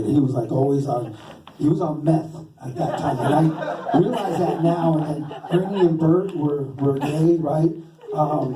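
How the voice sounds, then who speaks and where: A man's voice: a little high, mellow. A man doing stand-up storytelling, rambling and self-deprecating with many fillers and restarts. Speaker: stand-up comedian. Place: live comedy stage. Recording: roomy hall, distant mic, faint hiss.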